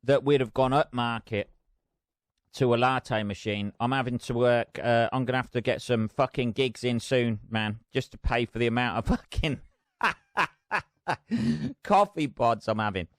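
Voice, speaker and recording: A man's voice: mid-range voice, normal speed, dry recording, clean studio sound. A middle-aged man hosting his own podcast, chatting in a rambling, sweary, self-mocking way. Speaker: podcast host. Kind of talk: casual solo podcast chat.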